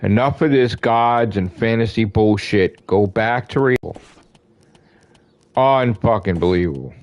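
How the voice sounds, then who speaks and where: A gaming channel host with a lowish voice delivers an excited fan rant to camera at a measured pace. The rant is emphatic and profane, and he repeats himself for emphasis; the audio is lo-fi with no room sound.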